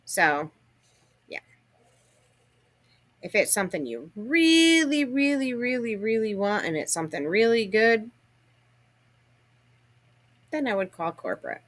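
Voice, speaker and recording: A woman co-hosting a casual livestream, telling stories in a chatty, animated way. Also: medium pitch, measured pace, long pauses. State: has the hiccups. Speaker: livestream co-host.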